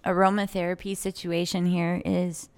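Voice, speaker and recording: A young woman co-hosting a casual chat, telling a chatty, animated story about a customer at her aromatherapy shop and acting out their exchange. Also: fairly low pitch, moderate pace, clear, resonant tone. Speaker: podcast co-host, aromatherapy shop owner.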